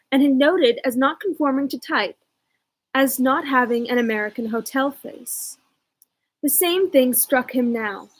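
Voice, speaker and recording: A woman reading a novel aloud at home in a measured, even narration. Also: high-pitched, husky, rough recording. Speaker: audiobook reader.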